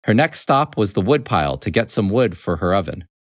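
A man reading a children's storybook aloud in an expressive, animated way. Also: on the low side, brisk, no echo, clean studio sound.

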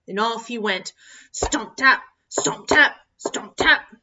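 A woman reads a children's storybook aloud slowly and expressively, with a bright, fairly high voice. The recording has a dull, lo-fi sound. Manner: expressive, slow, animated. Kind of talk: reading a picture book aloud.

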